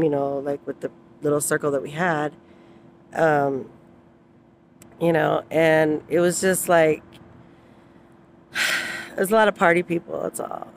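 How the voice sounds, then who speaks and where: A woman's voice: deep voice, a little hiss or hum. A woman telling personal stories in a casual vlog, rambling with many fillers and frequent laughs. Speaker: vlogger.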